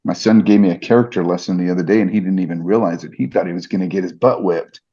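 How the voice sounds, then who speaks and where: Middle-aged guy on a podcast, low husky voice, dark tone, kinda muffled lo-fi audio. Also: fairly even intonation, fast. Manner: earnest, reflective, many restarts. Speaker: podcast guest, fight announcer. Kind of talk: casual interview storytelling.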